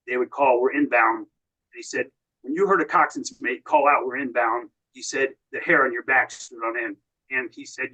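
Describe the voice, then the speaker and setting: A man's voice: mid-range voice, fairly bright tone, poor audio. An American man, a podcast guest, telling long family and wartime stories in a casual way, often quoting what others said. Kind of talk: casual storytelling.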